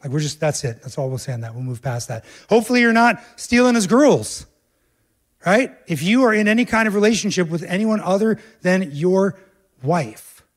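A male pastor delivers a sermon straight to his congregation with expressive, emphatic force at a normal pace, moving between quiet, low stretches and loud, urgent ones.

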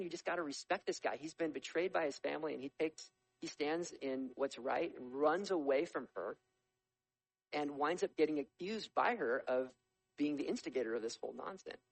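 Man preaching, tells the story lively with jokes on the side; slightly high voice, dry recording. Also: creaky, husky, no echo, poor audio. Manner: lively storytelling with humorous asides. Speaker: pastor. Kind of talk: sermon.

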